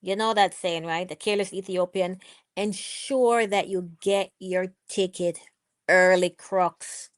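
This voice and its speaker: A woman's voice: on the low side, steady tone, measured pace. A woman with a lilt hosts a live stream in an easy, chatty way. She reads viewers' comments aloud, cheers them on and laughs along as she talks. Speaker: livestream host. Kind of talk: casual live stream chat.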